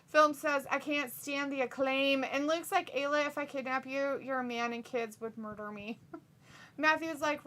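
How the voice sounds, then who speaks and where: An American woman with a high, bright, ringing voice chats casually on a stream. She giggles often and reads viewer messages aloud, slipping into playful put-on voices for the quotes. Her delivery is loose and chatty. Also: fairly even intonation, measured pace. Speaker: co-host of a wrestling watch-along stream. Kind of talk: casual chat, reading viewer comments aloud.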